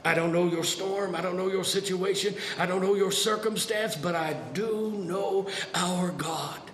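A man preaching a sermon in a church, his high, bright voice ringing out. He swings from hushed lines to dramatic bursts, and the hall echoes around him with faint room ambience behind. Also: slight background noise. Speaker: pastor. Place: church sanctuary.

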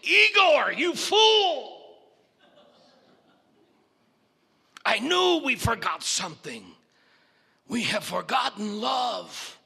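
A man voicing an excitable mad male scientist who shouts in a high, theatrical voice. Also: slow pace, vocal fry, slightly rough, full character voice. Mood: panicked.

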